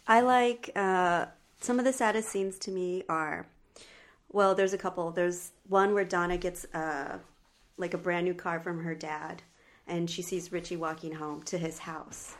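Lowish woman chatting casual, lots of uh and like. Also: fairly even intonation, unhurried. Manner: rambling retelling of scenes, many fillers. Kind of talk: casual podcast chat.

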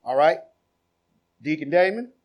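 A man a sermon, quizzing the congregation and then building to shouted exhortation. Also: fairly high pitch, lively intonation, unhurried, lo-fi sound. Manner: builds from conversational questioning to shouted preaching. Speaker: preacher. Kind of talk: sermon with congregation call-and-response.

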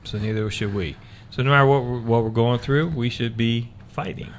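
A man's voice: mid-range voice, normal speed, a little hiss or hum. A man hosting a casual faith talk radio show, rambling with many fillers and restarts.

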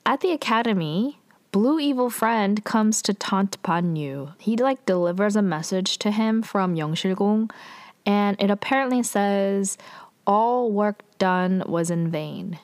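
A woman talks through a drama episode in a loose, chatty way, packing her sentences with fillers and throwing in exasperated little asides. Her voice sits at an ordinary middle pitch. The sound is dry and close, with no room around it. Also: measured pace, no echo. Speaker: drama recapper. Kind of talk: casual episode recap.

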